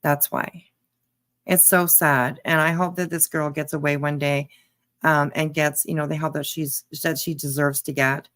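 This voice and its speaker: A woman's voice: low voice, little pitch movement, normal speed, a bit bright. A woman reacting to a clip on a live stream, blunt and emphatic, talking straight back at the person on screen. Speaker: commentary streamer.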